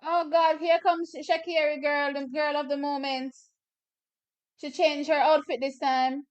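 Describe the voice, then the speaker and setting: A Jamaican woman hosting a live watch-party stream, chatting through the races and bursting into excited shouts and laughter. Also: high-pitched, unhurried, dull audio.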